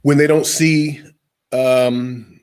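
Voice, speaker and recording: A man's voice: mid-range voice, steady tone, very slow, darkish tone, smooth. A man who works as a motivational speaker, talking emphatically and speaking straight to the listeners in an interview. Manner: preachy, emphatic, addresses listeners directly.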